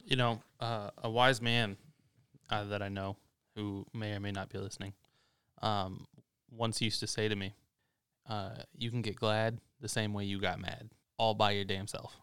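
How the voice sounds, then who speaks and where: A man in casual chat as co-host, relaxed and swearing casually while telling his own story. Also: lowish voice, normal speed, smooth. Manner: laid-back, swears casually. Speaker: podcast co-host.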